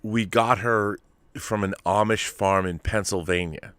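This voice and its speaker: A man hosting a podcast, telling a rambling, animated story in casual chat. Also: fairly low pitch, measured pace, smooth, dry recording. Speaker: podcast host.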